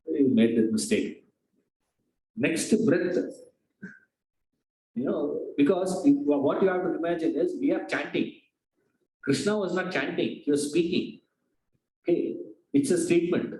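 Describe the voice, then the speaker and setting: A man's voice: a little high, mellow. A man teaching a scripture class, asking his students rhetorical questions. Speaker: Vedanta teacher. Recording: echoey room.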